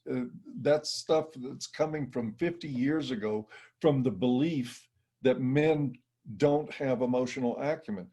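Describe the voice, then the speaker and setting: A middle-aged man answers interview questions bluntly and with emphasis. His voice is mellow and dark, with a husky edge. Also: medium pitch. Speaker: interview guest. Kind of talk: interview conversation.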